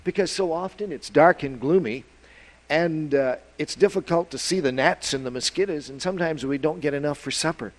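A bold, excitable little boy bird from a storybook, as a man puts him on for the children. He talks in a raised, eager voice, full of big plans and quick to plead with his mother. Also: on the high side, natural voice. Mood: excited. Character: eager young male whippoorwill chick.

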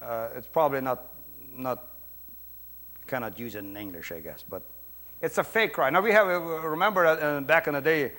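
A middle-aged pastor with a Brazilian Portuguese accent preaches an emphatic sermon, swinging between loud preaching and quiet asides. His pitch is medium and his speed normal, broken up by long pauses.

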